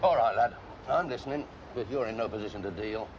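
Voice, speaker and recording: An actor playing a smug, menacing man who patronizes with mocking calm in a TV drama. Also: fairly low pitch, quick pace, lo-fi sound, faint music behind, close to an everyday voice. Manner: patronizing, calls others "lad", mocking calm. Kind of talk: TV drama acting.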